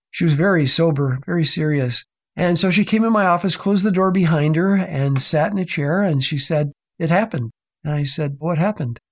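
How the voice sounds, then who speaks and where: A middle-aged man telling a faith story in an interview, acting out the people he quotes. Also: on the high side. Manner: animated storyteller, acts out quoted voices. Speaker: author and guest.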